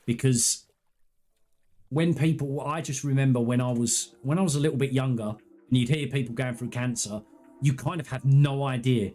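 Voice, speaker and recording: A man's voice: mid-range voice, fairly even intonation, normal speed, a little mellow. A man chatting on a live stream, telling personal stories in a candid, rambling, earnest way. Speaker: gaming streamer. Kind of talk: casual live-stream chat.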